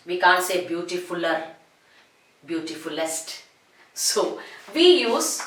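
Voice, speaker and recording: A woman teacher talks through a grammar lesson at an unhurried pace. Her voice rises and falls widely as she stretches out each example. The sound carries a noticeable room echo. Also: on the low side, very animated, a bit bright. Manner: slow, drawn-out phrases, repeats each example form. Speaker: English teacher. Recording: echoey room.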